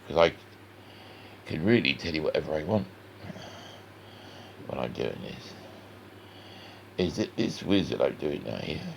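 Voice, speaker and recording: A man's voice: low-pitched, gravelly, slight background noise. A man with a West Country accent, chatting in a rambling, folksy way to the viewer while he draws. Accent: West Country English. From West Country of England. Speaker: cartoon artist. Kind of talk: chatty drawing tutorial.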